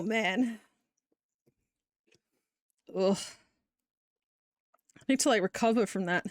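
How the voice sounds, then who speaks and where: A woman's voice: a little high, a little mellow, no room sound, clean studio sound. A young woman streaming while she builds Lego, chatting casually and breaking into long fits of giggles.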